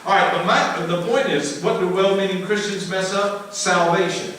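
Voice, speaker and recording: An older American man teaching a church Q&A, lively and emphatic, laughing often and repeating words for emphasis. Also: sits high, moderate pace, a little hiss or hum. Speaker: pastor teaching a Q&A. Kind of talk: conversational Bible teaching. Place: church sanctuary. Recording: very echoey room, mic far off.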